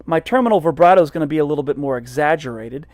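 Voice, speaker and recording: Male jazz educator, relaxed and self-deprecating, slightly high voice, dry mic. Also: rapid-fire, no echo. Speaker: jazz trumpet teacher. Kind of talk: casual instructional talk.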